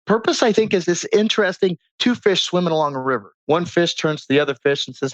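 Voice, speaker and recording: A man guest on a podcast, talking in a casual, animated way and teaching through stories and rhetorical questions. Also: fairly high pitch, fast talker, few pauses, dry recording. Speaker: podcast guest, transformation coach. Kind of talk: casual conversational interview. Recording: dull lo-fi sound.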